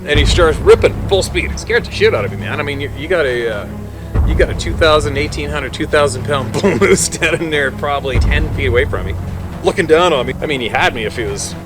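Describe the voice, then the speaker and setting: A man working as a hunting guide, telling a wild story in a casual, animated way and swearing freely. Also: fairly high pitch, fairly quick, over music.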